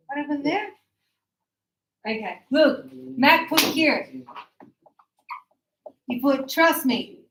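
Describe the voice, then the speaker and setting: A middle-aged woman teaching an English class, lively and chatty, acting out short example dialogues for her students. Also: sits high, takes it slowly, vocal fry, pauses often, rough recording. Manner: animated, acts out little example dialogues.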